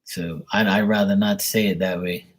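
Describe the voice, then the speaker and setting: A man's voice: deep voice, fairly even intonation, moderate pace. A man chatting casually on a livestream tarot reading, rambling and swearing, repeating his words as he goes. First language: Portuguese spoken at home. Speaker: live tarot reader.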